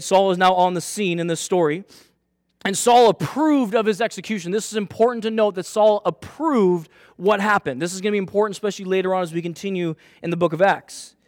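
Excitable high-voiced Bible teacher. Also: male voice, dry recording, clean studio sound. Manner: reads scripture aloud, then comments with excited asides. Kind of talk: casual Bible study teaching.

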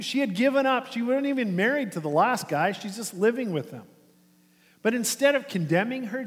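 A man preaching a sermon to his congregation, animated and conversational, dropping soft and slow to stress a point. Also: high-pitched. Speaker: pastor. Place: church sanctuary. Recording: long reverb of a church hall.

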